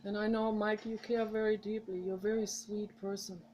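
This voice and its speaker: A woman's voice: mid-range voice, little pitch movement, brisk, dark tone, slight background noise, rough recording. A woman with a mother tongue, talking straight to her viewers in a rambling, heartfelt, encouraging way. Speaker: vlogger. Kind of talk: casual direct-to-camera monologue.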